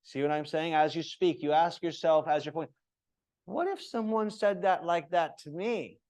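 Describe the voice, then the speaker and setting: Male yoga teacher trainer, slightly high voice, emphatic lecturing to a live class. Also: normal speed. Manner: animated, emphatic, checks in with "okay?".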